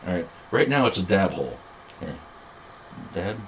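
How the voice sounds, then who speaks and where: A man's voice: sits low, sing-song, moderate pace, slight background noise. A middle-aged man hosting a podcast in casual, rambling, self-mocking chat. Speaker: podcast host.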